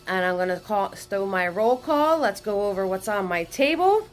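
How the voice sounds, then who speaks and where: A very animated woman from Washington state, speaking at medium pitch and normal speed, hosts a live painting class online. She chats with her viewers and greets them in a sing-song manner.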